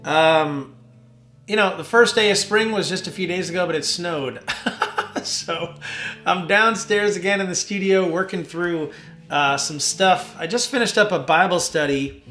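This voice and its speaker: Rambling man hosting a devotional. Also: on the high side. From New Jersey. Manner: relaxed, rambling, with fillers. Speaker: worship leader and devotional host. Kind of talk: casual devotional talk. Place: home basement studio. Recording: roomy studio with soft guitar.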